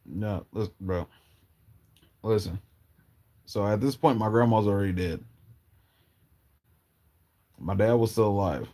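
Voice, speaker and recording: A man from Portland telling personal stories in a casual, rambling, halting way with slang. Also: on the low side, mellow. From Portland, Oregon, US. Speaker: storyteller. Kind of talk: casual storytelling.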